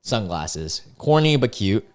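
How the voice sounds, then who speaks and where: A young adult man hosting a casual reaction video about dating chats. He is incredulous and rambling, with animated reactions. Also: lowish voice, takes it slowly. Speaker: host reading online dating chats.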